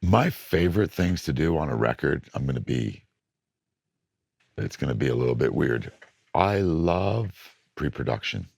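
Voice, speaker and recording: Very deep gravelly man, animated. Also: moderate pace. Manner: animated, blunt storytelling that acts out studio moments. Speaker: record producer. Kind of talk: interview, candid studio stories. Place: recording studio.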